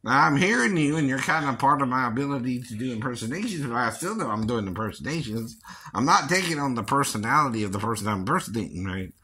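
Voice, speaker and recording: A man's voice: mid-range voice, animated, sharp tone, breathy edge. A man chatting casually about doing impressions. He laughs often and ends his lines with "right?". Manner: breaks into quick impressions and silly voices. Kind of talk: casual chat.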